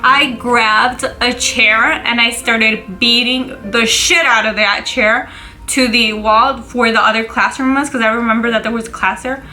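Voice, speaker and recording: Young woman, bright tone, slightly high voice, candid profane storytelling, faint music behind. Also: steady tone, a little slow, low-quality recording. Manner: candid, profane, emotional retelling with quoted voices. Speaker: vlogger. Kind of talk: personal storytime.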